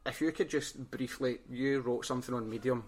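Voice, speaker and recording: A man's voice: mid-range voice, steady tone, a little fast. A Glaswegian man hosting a casual podcast interview, chatty and self-mocking and full of local slang. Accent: Glaswegian Scottish. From Scotland. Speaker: podcast host.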